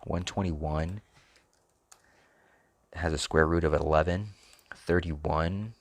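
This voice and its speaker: A man's voice: rumbling low, dry recording. A man hosting a sports picks channel, talking casually and thinking aloud, hesitant and trailing off often. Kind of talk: casual solo commentary.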